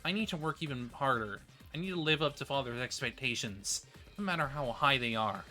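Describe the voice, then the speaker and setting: A streamer reading aloud as a self-hating child crushed by a father's expectations, in a low, heavy delivery. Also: lively intonation, brisk, pushed and bright, soft background music. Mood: self-loathing.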